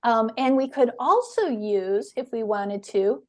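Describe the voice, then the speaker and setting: A woman teaching English in a webinar, explaining words slowly and patiently with clear stress. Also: on the high side, animated, a little mellow.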